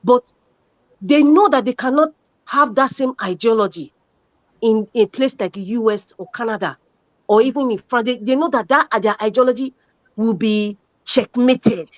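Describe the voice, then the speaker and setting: A woman's voice: fairly high pitch, no room sound. Emphatic Nigerian woman, dull dry audio. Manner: forceful, emphatic, talks over others. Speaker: panel guest. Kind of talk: heated panel discussion.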